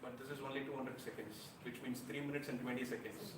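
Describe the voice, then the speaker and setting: A man's voice: mid-range voice, fairly even intonation, fast talker, background noise. A man giving an evaluation speech at a club meeting, earnest and frank with light self-deprecating humor. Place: air-conditioned meeting room. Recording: roomy, distant, with faint room ambience.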